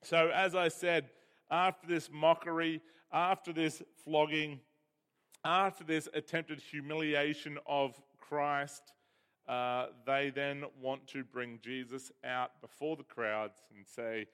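A man's voice: on the high side, steady tone, takes it slowly, a bit bright, clean tone. A man preaching a sermon, explaining a Bible passage with emphasis and reading scripture aloud. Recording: hall reverb.

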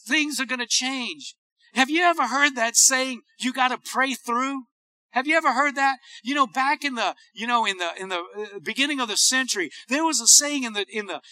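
A man preaches with rising fervor, calling out to the congregation again and again. His voice sits very high and rings sharp and tense, recorded close and dry with no room around it. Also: dry recording. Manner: fervent call-and-response preaching. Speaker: pastor. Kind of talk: sermon.

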